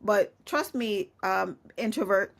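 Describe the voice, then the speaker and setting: A woman's voice: medium pitch, slow, creaky. Chatty woman podcast host. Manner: chatty, full of "you know" fillers, laughs often. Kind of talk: casual conversation.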